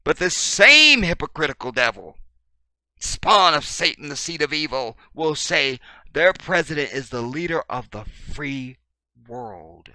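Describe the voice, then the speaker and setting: A man delivers a preachy commentary monologue with a lively, rising and falling voice. He hammers his points through repetition, jumping from near-shouts down to low murmurs. His tone is bright and forceful, and the recording is dry. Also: a little slow, no room sound. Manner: swings from loud to very quiet. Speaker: commentary channel host.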